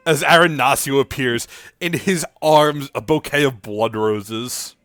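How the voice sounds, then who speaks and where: A man narrating a tabletop game as game master in a lively storytelling manner. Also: medium pitch, unhurried, dry recording, studio quality.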